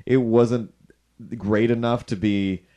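A man's voice: mid-range voice, steady tone, slow pace, warm tone, dull audio, a little hiss or hum. A man hosting a podcast in casual, rambling, jokey chat, sometimes putting himself down. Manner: rambling, jokey, self-deprecating. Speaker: podcast host.

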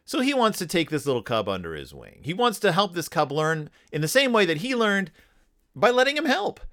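A man hosting a podcast, casually talking through a children's book with frequent restarts and fillers. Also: high voice. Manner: lively, halting with many restarts and fillers. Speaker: podcast host.

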